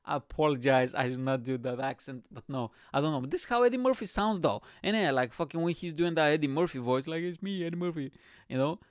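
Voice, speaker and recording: A young man hosting a comedy podcast, telling a story in an energetic, profane, rambling way. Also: fairly high pitch, quick pace, hardly any pauses, no echo, studio quality. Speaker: podcast host. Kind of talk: casual comedic podcast monologue.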